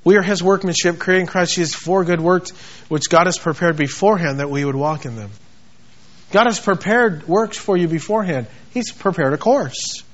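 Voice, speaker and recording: A male preacher delivers a fervent sermon in a strikingly high voice. He repeats words for emphasis and slips into acted voices for scripture. The recording sounds dull and lo-fi. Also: moderate pace, fairly bright tone. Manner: passionate, repetitive, quotes scripture in acted voices.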